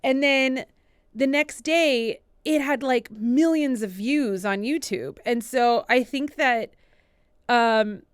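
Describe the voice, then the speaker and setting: Woman guest, 30s, chatty storyteller, smooth higher voice, dry close sound. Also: takes it slowly, no echo. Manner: chatty, many "like" fillers, animated retellings. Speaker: podcast co-host and assistant, guest. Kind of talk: casual interview storytelling.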